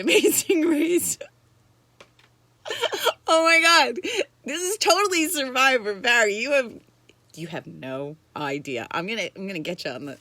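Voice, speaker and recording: A woman's voice: mid-range voice, pushed and bright, dry recording. Bubbly woman chatting on a livestream. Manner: chatty, bubbly, greets viewers by name. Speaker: livestream host. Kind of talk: casual live-stream chat.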